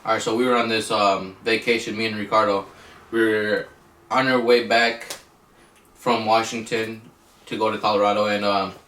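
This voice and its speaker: A man's voice: on the low side, flat delivery, moderate pace, a bit bright. Laid-back young man, echoey room. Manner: laid-back, hesitant storyteller with ums. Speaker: co-host. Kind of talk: casual storytelling chat. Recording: roomy echo, mic at a distance.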